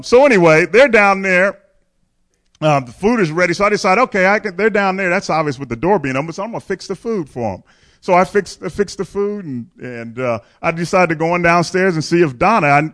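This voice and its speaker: A man's voice: a little high, expressive, quick pace, fairly bright tone. A man, a pastor, telling a candid, humorous personal story in a sermon, often chuckling and speaking directly to his congregation.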